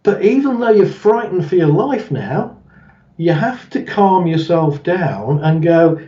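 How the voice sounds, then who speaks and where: A man's voice: a little high, lively intonation, measured pace, warm tone, dull audio. Chuckling man, distant roomy sound. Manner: chuckles often, acts out quoted voices in stories. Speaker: interview guest explaining his method. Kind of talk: explanatory interview talk.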